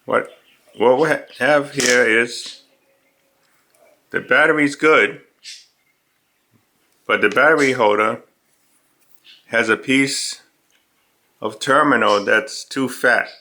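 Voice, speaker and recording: A man at home calmly explaining how he fixes a toy, step by step. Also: mid-range voice, a little hiss or hum. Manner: slow, methodical, step-by-step. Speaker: dad fixing a toy. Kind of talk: casual explanation. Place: at home indoors.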